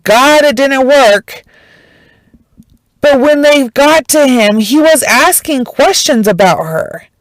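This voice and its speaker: A woman's voice: high-pitched, lively intonation, slow, no room sound, low-quality recording. A woman telling a true crime story in a casual, emotional way, swearing freely and speaking with heavy emphasis.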